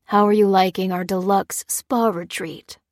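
A woman's voice: mid-range voice, steady tone, measured pace, darkish tone, dry recording, lightly acted. A woman voicing a sarcastic young female soldier who trades dry, mocking quips.

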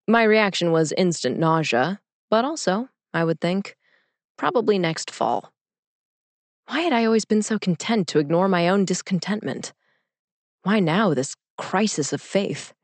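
A young woman with a low voice narrates a personal story in a calm, measured, inward-looking way. The recording is close and dry, with no room sound. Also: dry recording. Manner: calm, measured, introspective reading. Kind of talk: audiobook reading of a personal story.

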